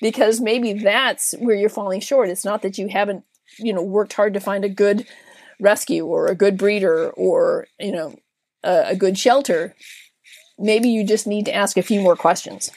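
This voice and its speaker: A woman's voice: medium pitch, normal speed, a little mellow. A woman who works as a dog trainer, chatting casually and earnestly. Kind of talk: casual podcast chat.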